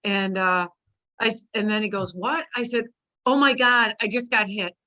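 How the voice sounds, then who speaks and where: A woman on a casual talk show, telling a story of her own and acting out what she said at the time. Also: normal speed. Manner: animated, acts out her own past lines in a shrill cry.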